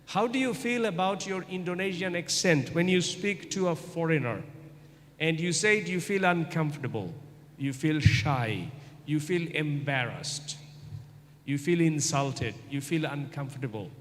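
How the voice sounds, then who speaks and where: A man's voice: on the high side, animated, a little slow. A middle-aged man giving a university guest lecture, who asks his audience rhetorical questions and repeats points for emphasis. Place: large lecture hall. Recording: echoey hall, faint ambient noise.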